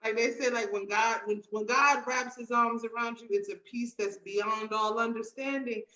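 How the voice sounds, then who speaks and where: Bright-voiced woman telling stories emphatically. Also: fairly high pitch, fairly even intonation, normal speed, lo-fi sound. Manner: emphatic storytelling, acting out quotes. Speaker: podcast co-host. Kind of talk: casual candid chat.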